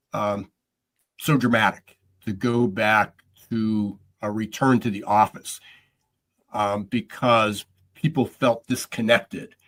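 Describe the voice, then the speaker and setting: A man hosting a podcast interview, talking in a rambling, halting way with many restarts. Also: mid-range voice, fairly bright tone. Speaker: podcast host.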